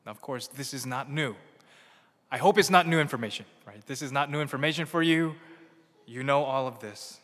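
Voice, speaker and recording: A man preaching a sermon, swinging between loud emphatic peaks and hushed near-whispers. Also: mid-range voice, big-room sound. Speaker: pastor.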